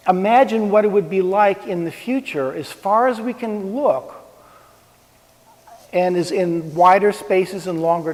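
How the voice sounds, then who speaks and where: A man's voice: high-pitched, a little mellow. A man giving an informal, conversational talk on ethics to a live audience, with props and pointing. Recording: long reverb of a hall.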